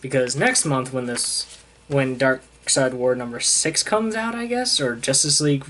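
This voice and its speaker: A young man chats through a comic storyline in a loose, casual way, slipping into quick paraphrases of what each character says. His voice sits at an everyday middle pitch, and he sounds like he is talking at home for his viewers. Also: lively intonation, a bit bright. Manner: casual, retells scenes with "he's like" paraphrases. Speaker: comic book reviewer. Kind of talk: casual recap.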